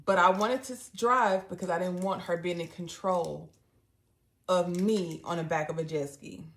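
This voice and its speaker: A young woman hosting a live stream, casually telling a story in an animated, dramatic way and laughing often. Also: lowish voice, moderate pace. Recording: roomy echo.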